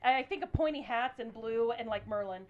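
A woman chatting casually in a group podcast, excitable and rambling, full of fillers. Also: on the high side, fairly quick, highs cut off. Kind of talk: casual chat.

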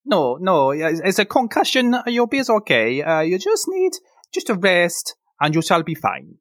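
A man's voice: high voice, huge pitch swings, moderate pace, a bit bright, no echo, clean studio sound, voice pushed up, exaggerated voice. A man voicing a fussy, cheerful priestess-healer with a raised, prim voice. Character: fussy male priestess-healer, chirpy and proper.

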